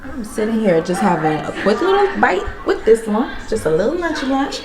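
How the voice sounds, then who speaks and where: A woman's voice: a little high, very animated, fairly quick, music in the background. Chatty mom vlogging her launch. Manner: chatty and candid, Southern slang, emotional and grateful. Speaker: small business owner vlogging a product launch. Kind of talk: casual vlog chat to camera. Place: at home.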